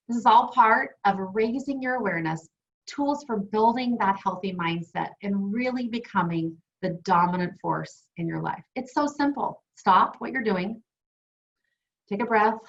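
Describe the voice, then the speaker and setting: A woman's voice: mid-range voice, gravelly, fairly bright tone. A woman co-hosting an online wellness webinar, chatty and enthusiastic, sharing personal stories as she teaches. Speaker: wellness program co-host. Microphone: video call. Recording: dull lo-fi video call audio.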